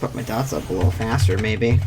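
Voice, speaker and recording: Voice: mid-range voice, a little fast, over music. Muttering, swearing game streamer. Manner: talks to self, mutters, swears freely; reads game text aloud. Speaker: streamer playing an online role-playing game. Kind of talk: casual let's-play commentary.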